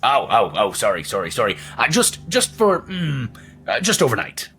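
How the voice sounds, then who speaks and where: A man voicing a gruff, folksy male riverboat hand. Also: medium pitch, huge pitch swings, normal speed, a bit bright. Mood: flustered.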